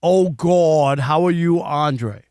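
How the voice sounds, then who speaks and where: A man hosts a sports talk radio show in a high voice. He hedges and restarts as he talks things through, and the sound is dry and close. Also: takes it slowly, darkish tone, no echo. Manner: conversational, hedging, restarts often.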